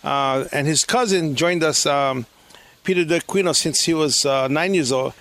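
A man's voice: a little high, normal speed, a bit bright. An older man from Hawaii, a slack key guitarist, rambling through stories with many fillers in a casual interview outdoors. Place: outdoors at a beach resort.

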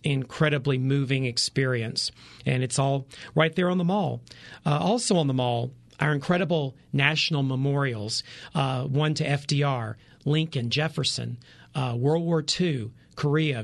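Gravelly, enthusiastic man in his forties. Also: medium pitch. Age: 40s. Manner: enthusiastic, many fillers. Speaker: travel reporter. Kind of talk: radio interview.

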